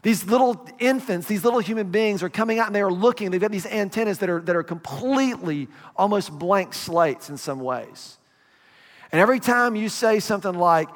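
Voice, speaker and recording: A man preaches to his congregation in a loose, conversational sermon, often checking in with questions. His voice sits high for a man. The sound carries the long reverb of a big church hall. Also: expressive, fairly quick. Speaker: pastor.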